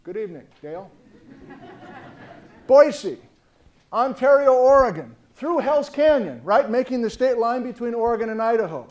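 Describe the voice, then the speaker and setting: A man's voice: very high voice, a little slow, muffled recording. An American man giving a public geology lecture to a live audience, telling stories and acting out the dialogue. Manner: animated storyteller, acts out quoted dialogue.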